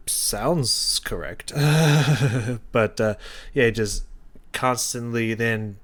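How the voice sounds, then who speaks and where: A man's voice: on the low side, unhurried, gravelly, a bit bright. A man casually breaking down a song as a reaction host, rambling and thinking aloud with many restarts and fillers. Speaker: music reaction youtuber.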